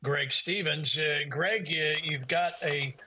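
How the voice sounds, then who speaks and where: A man hosting a Christian talk program, bringing guests in with a casual, halting manner. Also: fairly high pitch, sharp tone, a little hiss or hum. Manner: casual, hesitant with fillers. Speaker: host.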